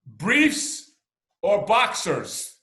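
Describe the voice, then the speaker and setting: A man hosting a casual video-call interview, teasing his guest with drawn-out either-or questions in an excitable manner. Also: sits high, roomy sound. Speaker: channel host.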